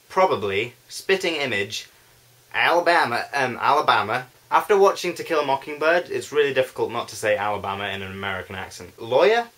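A young man with a posh English accent and a bright, crisp tone. He talks at an easy middle pitch, chatty and a little giggly, often unsure of himself and poking fun at his own answers in a relaxed vlog. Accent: posh southern English. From northwest England. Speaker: vlogger. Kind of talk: casual vlog, reading a word list.

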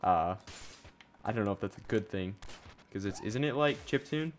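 Young male gaming host, low voice, loose rambling joker; faint game sounds underneath. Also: lively intonation, normal speed, slight background noise. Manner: joking, rambling with many likes. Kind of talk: casual gameplay chat.

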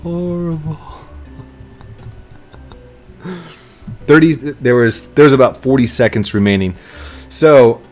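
A young gaming YouTuber with a medium-pitched voice gives casual let's-play commentary at a measured pace, pausing often. He's excitable, yells at other players and then apologizes, and laughs a lot, with soft music playing in the background.

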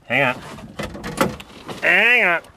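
A man's voice: sits high, very animated, extremely slow, creaky. A man filming himself outdoors as he loads his car onto a trailer, joking, teasing and giving instructions. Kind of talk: casual joking chatter. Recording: noisy outdoor camcorder audio.

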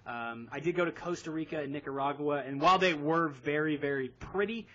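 A man hosting a casual podcast, talking in an excitable, rambling way with quick laughs. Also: a little high. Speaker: podcast host. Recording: dull lo-fi podcast audio.

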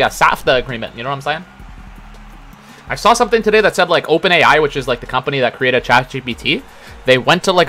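A young man streaming a game live, chatting and joking with his chat and shouting at the game. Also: medium pitch. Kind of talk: live gaming stream commentary.

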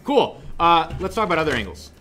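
A young man teaching a math class, joking with students and suddenly yelling for effect, recorded in a classroom. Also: a little high, fast, slight background noise. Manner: joking, animated, shouts suddenly. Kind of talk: classroom lesson.

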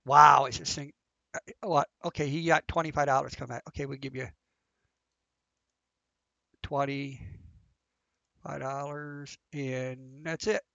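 A man's voice: medium pitch, steady tone, measured pace, gravelly, long pauses, sharp tone, no room sound. Flustered man narrating his gameplay. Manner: chatty, flustered, thinking aloud. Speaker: gameplay commentator. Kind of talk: casual game commentary. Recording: dull, lo-fi, dry sound.

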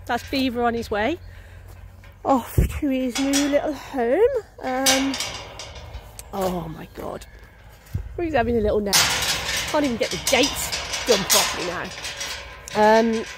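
A woman's voice: a little high, heavy background noise. A woman running a racehorse retraining yard, chatting casually in a rambling way with lots of ums. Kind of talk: casual vlog chat.

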